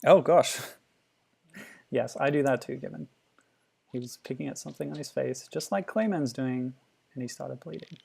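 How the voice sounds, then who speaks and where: A man streaming a game, chatting in a relaxed, amused way and answering chat comments. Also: mid-range voice, moderate pace, creaky, pauses often, husky. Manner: chatty, amused, laughs often, reacts to the game. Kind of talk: casual gameplay commentary.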